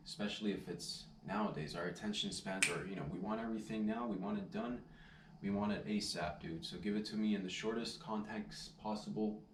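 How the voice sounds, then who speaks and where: A man's voice: on the low side, slight background noise. A man vlogging casually, rambling and laid-back, saying "dude" and "man" constantly. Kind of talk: casual storytelling vlog. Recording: roomy sound, distant mic, faint ambience.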